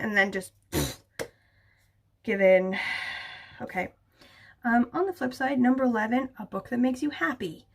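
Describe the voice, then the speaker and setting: A woman's voice: medium pitch, moderate pace. A young woman chatting casually to camera about books, gushing and full of filler words. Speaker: book vlogger.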